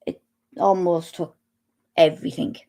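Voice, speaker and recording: Middle-aged woman, fairly low voice, slow deliberate personal testimony, halting with pauses. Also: sing-song, warm tone. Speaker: speaker sharing personal experience.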